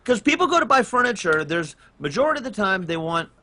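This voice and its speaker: A man with a slightly raised pitch tells stories in a loose, rambling way, full of ums and restarts. He chats casually with friends over a voice call and gets lively when he retells events. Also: fast. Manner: rambling, many fillers, animated when retelling. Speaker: podcast co-host. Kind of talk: casual group chat, storytelling.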